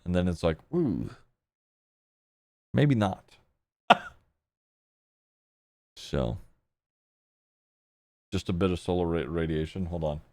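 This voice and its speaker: Deep-voiced young man streaming casually. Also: fairly even intonation, unhurried, pauses often, a little mellow, no echo. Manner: laughing, swearing, thinking aloud. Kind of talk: casual live reaction chat.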